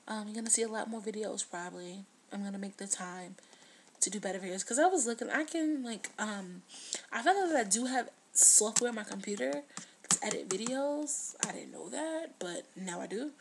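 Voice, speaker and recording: A woman in her twenties talking earnestly to the camera in a confessional video diary, sometimes dropping to a hush. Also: mid-range voice, animated, moderate pace, a little hiss or hum. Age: 20s. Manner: earnest, heartfelt, drops to a hush at times. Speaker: vlogger.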